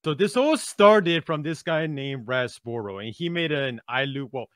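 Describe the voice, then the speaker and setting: A man co-hosting a podcast, telling a story in an animated way and often checking in with "right?". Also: medium pitch, normal speed, no room sound, studio quality. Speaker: podcast co-host. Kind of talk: casual podcast discussion.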